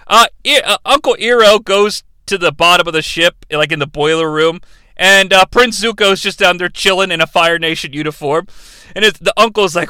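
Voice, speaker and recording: A man's voice: high voice, moderate pace, pushed and bright, clean tone, dry recording. A man hosting a podcast, recapping a film in a sarcastic, rambling and profane way. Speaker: podcast host reviewing a film. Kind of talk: casual comedic film recap.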